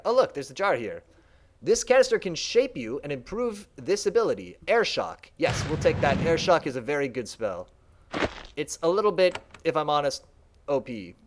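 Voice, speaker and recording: A man streaming a game, talking casually and working through his choices out loud. His voice sits fairly high for a man. It rises and falls in a very lively way. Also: background noise. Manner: casual, chatty, thinking aloud. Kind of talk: let's play commentary.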